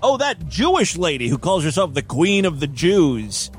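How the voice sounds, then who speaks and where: A man's voice: on the high side, very animated, moderate pace, soft background music. A man hosting a podcast, giving crude, irreverent commentary on clips. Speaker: podcast host.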